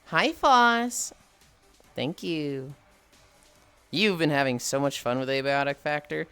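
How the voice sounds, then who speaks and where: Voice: mid-range voice, slow pace, fairly bright tone, clean tone, dry recording, soft background music. A livestreamer chatting casually with viewers, reading chat aloud and ranting playfully with plenty of swearing. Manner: swears freely, reads and answers chat.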